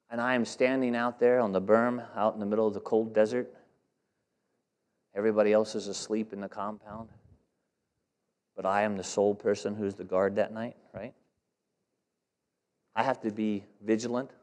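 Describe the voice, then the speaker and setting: A man's voice: on the low side, a little mellow. A man preaching a sermon, emphatic and conversational, putting direct questions to his congregation. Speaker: pastor.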